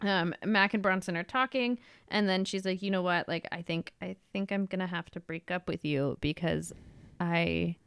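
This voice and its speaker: A woman's voice: fairly low pitch, normal speed, gravelly, a bit bright, smooth. A woman co-hosting a podcast, recapping a TV episode in casual chat and acting out characters' lines. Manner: chatty, acts out characters' lines in quotes. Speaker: podcast co-host.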